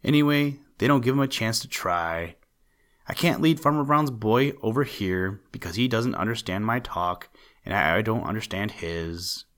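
A man voicing a fretful, talkative male crow in a storybook reading, with a croaky voice, muttering worriedly to himself. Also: fairly low pitch, fairly bright tone. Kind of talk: storybook narration.

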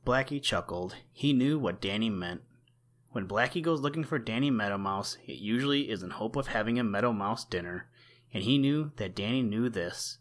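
Man, low voice, storybook narrator, steady measured reading. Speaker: audiobook narrator.

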